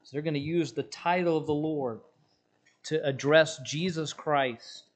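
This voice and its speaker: A man preaching a sermon, slowing down to quote scripture and swinging from loud emphatic lines to hushed ones. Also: on the high side, steady tone.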